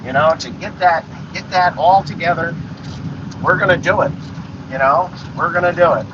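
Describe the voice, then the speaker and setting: High-voiced man, blunt and profane, lo-fi recording with steady noise behind. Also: normal speed. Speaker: podcast host. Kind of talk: ranting monologue. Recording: dull lo-fi sound with noise.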